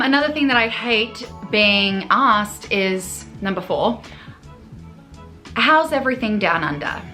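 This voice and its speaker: A young woman with an Australian accent and a bright, forceful voice, ranting to camera about things people get wrong. She talks in an animated, exasperated way and slips into sarcastic asides. Light music plays faintly behind her. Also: mid-range voice. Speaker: vlogger.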